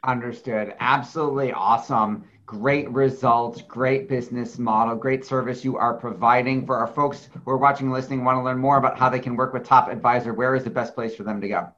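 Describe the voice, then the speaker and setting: A man's voice: medium pitch, steady tone, fairly quick, few pauses, fairly bright tone. A man hosting an interview, asking questions in a friendly, affirming way. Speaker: interview host. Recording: dull lo-fi sound.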